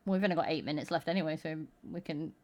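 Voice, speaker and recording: A woman's voice: low-pitched, fast, a little mellow. A woman hosting a stream, chatting casually and teasing her guests. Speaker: streamer host. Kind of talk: casual chat.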